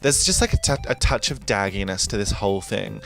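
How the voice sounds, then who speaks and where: A man's voice: lowish voice, brisk, vocal fry, a bit bright. A man chatting and gushing in a rambling, giggly voice-over over a building game, with faint music behind him. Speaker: gaming video host. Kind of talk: casual voice-over over gameplay.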